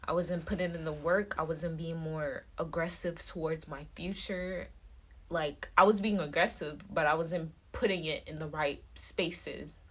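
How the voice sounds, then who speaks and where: A woman's voice: sits low, steady tone, unhurried, breathy edge. A woman vlogger talking casually to her phone camera, rambling with many fillers and restarts.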